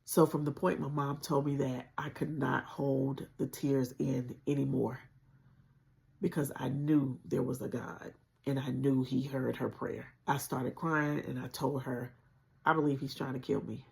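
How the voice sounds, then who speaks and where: A woman with a gravelly, fry-tinged voice recounts a frightening chapter of her life to her livestream audience. She speaks earnestly and conversationally, and her words carry strong spiritual conviction. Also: very deep voice, little pitch movement, a little slow, darkish tone. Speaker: channel host sharing a personal story. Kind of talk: emotional personal storytelling on a livestream.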